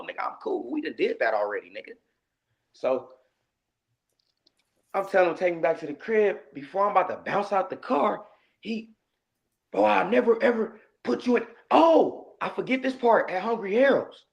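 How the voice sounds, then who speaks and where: A man telling a story in a casual interview, animated and acting out the lines he quotes. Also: high-pitched, lo-fi sound. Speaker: guest, rapper.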